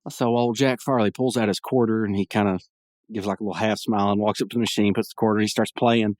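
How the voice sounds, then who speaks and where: A man's voice: lowish voice, level tone, fast, a little mellow, no echo, clean studio sound. A young man hosting a podcast, casually recapping a cartoon episode in a rambling way and chuckling as he acts out lines. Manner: rambling, laughs while retelling scenes, acts out lines. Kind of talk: casual solo commentary.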